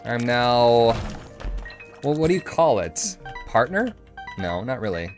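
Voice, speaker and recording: A mid-pitched man streams a video game and chats casually with a friend. He rambles loosely and drops swear words into his talk, with faint game music underneath. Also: big pitch swings, slow. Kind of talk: casual gameplay chat.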